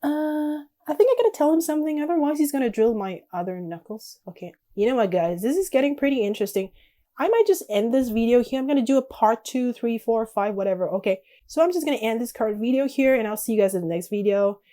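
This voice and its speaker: Mellow-voiced woman reading a text game. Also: fairly high pitch, expressive, fast talker. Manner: chatty, thinks aloud about choices. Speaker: YouTuber playing a text game.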